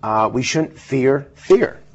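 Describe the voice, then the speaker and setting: Husky man explaining in a TV interview. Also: medium pitch, lively intonation, takes it slowly. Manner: emphatic, explanatory. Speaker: political pollster guest. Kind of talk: televised interview. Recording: dull lo-fi television audio.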